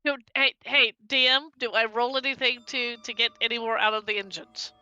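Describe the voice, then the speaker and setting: A woman plays a tabletop game, asking eager questions about the rules. Her voice is very high and piercingly bright, with faint music underneath. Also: steady tone, normal speed, smooth, lo-fi sound. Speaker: player.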